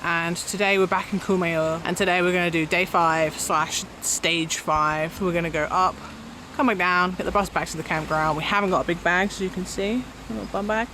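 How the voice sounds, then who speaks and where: Relaxed young woman vlogging outdoors. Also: fairly low pitch, moderate pace, a little hiss or hum. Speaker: travel vlogger. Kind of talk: casual travel vlog. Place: outdoors in a town and on a trail.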